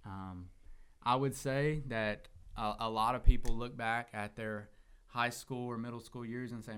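A man who leads a student ministry, talking in a relaxed, rambling way with lots of fillers. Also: medium pitch, unhurried, hardly any pauses, clear, resonant tone. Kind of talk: casual church podcast talk.

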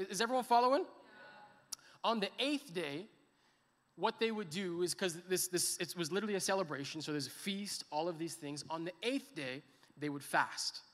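High-voiced, bright male preacher in a reverberant hall. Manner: builds to impassioned crying out, drops to soft intense emphasis. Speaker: pastor. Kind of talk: sermon. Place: church sanctuary.

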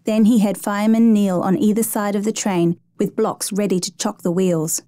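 A woman reading a true rescue story aloud in steady, measured scripted narration, lightly voicing the quoted lines. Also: mid-range voice, no room sound.

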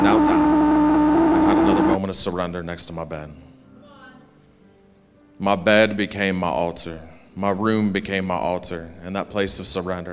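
A man pastor telling his personal testimony to a congregation, earnest and rambling, with many fillers and restarts. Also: mid-range voice.

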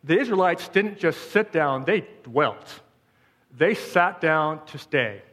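A man delivers a sermon to his congregation, his voice pitched a touch high. He leans on rhetorical questions and repeated phrases to drive each point home. The sound rings with a long reverb, as in a church hall. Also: animated, slow, fairly bright tone. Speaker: pastor.

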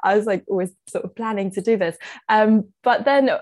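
A woman's voice: medium pitch, a little fast, darkish tone, no room sound. Chatty young woman, English. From Austria. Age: young adult. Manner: chatty storyteller, laughs often. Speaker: actor guest. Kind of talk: casual interview chat.

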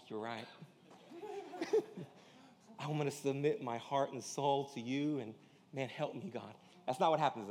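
A man preaching a sermon as pastor, in a casual slangy way, often acting out quoted dialogue. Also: a little high. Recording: church hall reverb.

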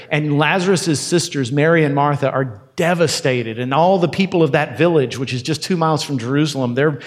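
Preacher in a reverberant hall. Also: male voice, a little high. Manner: conversational preaching with dramatic quoted asides. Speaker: pastor. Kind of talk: sermon.

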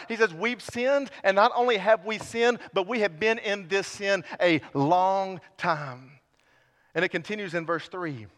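Guy preaching in a church, high voice, pleading and fired up, long echo tail. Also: a bit bright. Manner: fervent, pleading, builds in intensity. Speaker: pastor. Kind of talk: sermon. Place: church sanctuary. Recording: long hall reverb.

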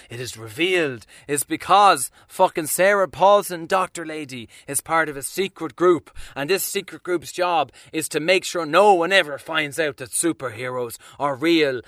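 Young male film reviewer, sarcastic and sweary rambling rant, crisp bright tone, dry close sound. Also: a little high, dry recording.

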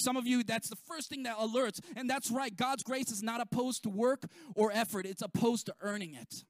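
A man delivers a sermon in a very high voice, pressing his points with emphatic repetition and sudden swings in loudness. The sound is dry and close, with no room around him. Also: a little fast, hardly any pauses, no room sound. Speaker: pastor.

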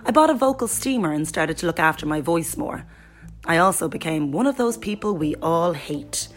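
Woman reading out a personal blog post, lowish voice, steady storyteller read, soft music in the back. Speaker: guest reader voicing a friend's blog. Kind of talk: scripted first-person narration.

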